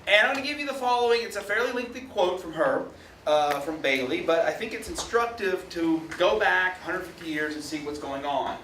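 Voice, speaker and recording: A man's voice: high-pitched, brisk, pushed and bright, a little hiss or hum. A man giving a classroom lecture, chatty, often checking in with "right?". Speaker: university lecturer. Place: lecture hall. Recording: echoey lecture hall from far off.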